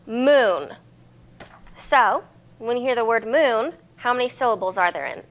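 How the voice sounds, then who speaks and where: A young woman with a slightly high voice leads a children's library lesson on poetry. She is cheerful and encouraging and claps out syllables with her young listeners. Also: lively intonation, normal speed, a bit bright, a little hiss or hum.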